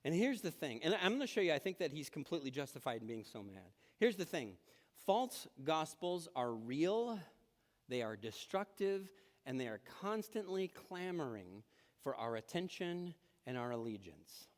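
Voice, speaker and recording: A man's voice: fairly high pitch, moderate pace, big-room sound. A man preaching a sermon in a church, telling stories and acting out the voices he quotes. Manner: lively storytelling, acts out quoted voices. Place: church sanctuary.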